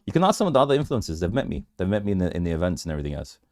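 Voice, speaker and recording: A man's voice: low-pitched, very animated, very fast, darkish tone, no echo, studio quality. A man hosting a casual crypto livestream, bantering with his viewers, laughing often and restarting his sentences.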